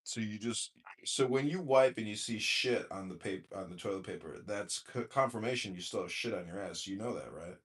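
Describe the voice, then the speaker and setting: Profane ranting man, low voice. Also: moderate pace, few pauses, a bit bright. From Chicago area, US. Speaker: podcast host and mayoral candidate. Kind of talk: crude casual political chat. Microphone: online voice chat room.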